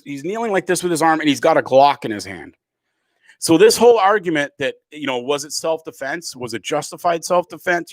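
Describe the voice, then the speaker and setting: A man's voice: a little high, no room sound. Angry ranting man, dry close sound. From Canada. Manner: angry, emphatic, swearing freely. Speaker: comedian. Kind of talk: profane political rant to camera.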